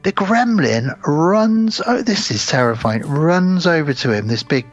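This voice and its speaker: A man's voice: fairly high pitch, sing-song, unhurried, muffled recording, soft background music. A man co-hosting a podcast, retelling a film's plot in casual chat and acting out the characters' lines. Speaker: podcast co-host. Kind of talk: casual film recap chat.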